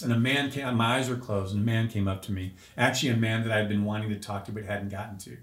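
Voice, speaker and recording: A man's voice: lowish voice, fairly even intonation, fast, hardly any pauses, fairly bright tone. A man telling an emotional personal story as a podcast guest, earnest and searching, with restarts. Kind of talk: personal testimony in an interview. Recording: roomy echo.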